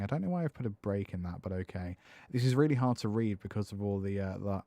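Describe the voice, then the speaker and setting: A man's voice: fairly low pitch, expressive, fast talker, mellow, dry recording, studio quality. A man talking casually on a livestream while writing a song, self-amused and joking dryly about his own lyrics. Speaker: streamer and guitarist. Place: home music studio.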